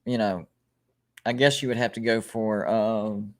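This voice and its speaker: A man's voice: on the low side, steady tone, a little slow. Rambling man hosting a sports livestream. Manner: rambling, self-correcting, reads out ranked lists. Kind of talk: casual live-stream chat, reading viewer comments.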